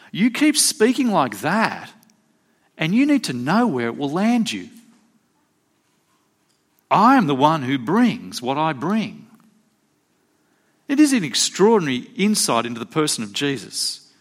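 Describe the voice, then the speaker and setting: A man preaching a sermon, telling stories and acting out quotes with animated delivery. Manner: animated storytelling, acts out quotes with rising pitch.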